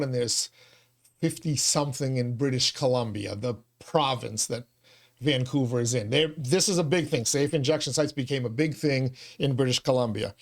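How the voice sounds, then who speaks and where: A man hosting a local talk show, making his argument with figures and rhetorical questions. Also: mid-range voice. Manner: argues from common sense, cites figures, asks questions. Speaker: show host. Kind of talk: casual talk show conversation.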